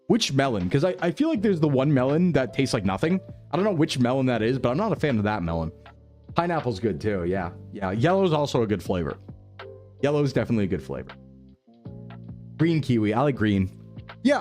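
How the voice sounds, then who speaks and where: A man's voice: medium pitch, darkish tone. A man streaming live, chatting casually with viewers in a rambling, upbeat way and often repeating himself.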